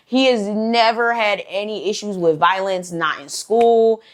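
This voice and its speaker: A woman's voice: medium pitch, a little slow. A woman hosting a storytime channel, telling a story casually with lots of slang, "like" fillers and swearing.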